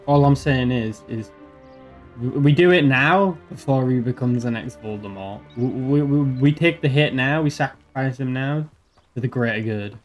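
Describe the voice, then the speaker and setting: A man's voice: mid-range voice, normal speed. A man casually commenting while streaming a video game, joking and repeating words as he thinks. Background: game music.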